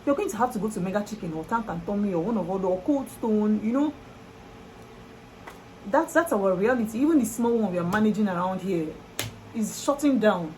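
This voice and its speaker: A young Nigerian woman with a Nigerian accent chatting to camera in a lively, exclamatory vlog style. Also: mid-range voice, fairly quick, slight background noise, rough recording. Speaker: vlogger. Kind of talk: casual chat to camera.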